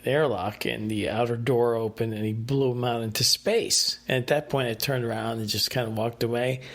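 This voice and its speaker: A man recounting his dreams in a casual, rambling monologue, full of fillers and restarts. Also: medium pitch. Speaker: podcast host.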